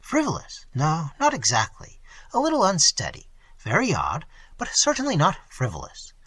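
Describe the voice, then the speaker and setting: A man's voice: fairly high pitch, huge pitch swings, moderate pace, a bit bright, husky, dry recording, full character voice. A man reading aloud and voicing a respectable middle-aged husband, earnest and slightly pompous.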